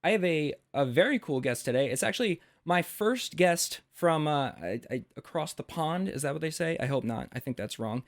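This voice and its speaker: An American man hosting a podcast interview, animated and rambling, with lots of fillers. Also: on the high side, moderate pace, few pauses. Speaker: podcast host.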